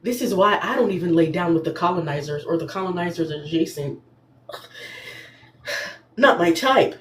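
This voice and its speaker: A young woman hosting a casual recap podcast, sassy and animated, laughing often as she talks. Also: on the low side, normal speed, roomy sound. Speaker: podcast host.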